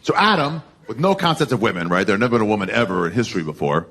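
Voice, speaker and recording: A man's voice: fairly low pitch, very animated, rapid-fire. A man in his forties doing a crude, conversational stand-up set on a comedy club stage with a handheld mic. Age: 40s. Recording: live comedy set with loud crowd laughter.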